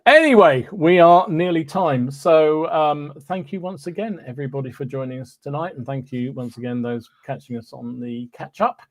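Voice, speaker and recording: A man's voice: on the high side, expressive, normal speed, hardly any pauses, no room sound. A man co-hosting a casual hobby podcast, chatting loosely with plenty of fillers. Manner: chatty, full of fillers and "there you go". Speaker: podcast co-host.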